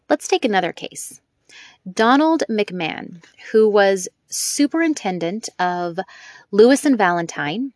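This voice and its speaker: A woman's voice: medium pitch, no room sound, clean studio sound. A woman narrating an amateur audiobook, with informal asides to listeners. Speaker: audiobook reader.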